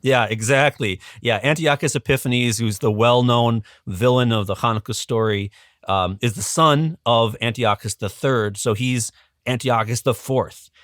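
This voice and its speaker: A man's voice: mid-range voice, steady tone, measured pace, fairly bright tone, no echo, studio quality. A man as a guest educator, explaining history in a casual, conversational way with frequent ums and restarts.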